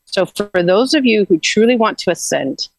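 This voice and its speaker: A woman's voice: mid-range voice, expressive, normal speed, low-quality recording. A woman guest earnestly recounting a spiritual journey in casual, rambling talk with frequent restarts.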